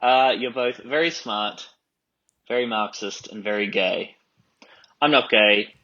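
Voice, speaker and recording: A man's voice: fairly low pitch, unhurried, pushed and bright. A man with a mild Australian accent, sending a recorded message of mock-boastful, ironic jokes. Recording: dull lo-fi played clip.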